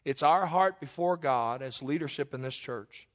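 A male pastor preaching a sermon in a church, folksy and prone to joking asides and excitable storytelling. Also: mid-range voice, moderate pace. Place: church sanctuary.

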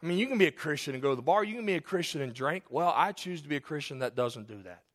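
A pastor preaching in church with a high, bright-edged voice. He swings from loud, emphatic declarations down to hushed, close asides. His delivery is lively and conversational. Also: quick pace. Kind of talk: sermon.

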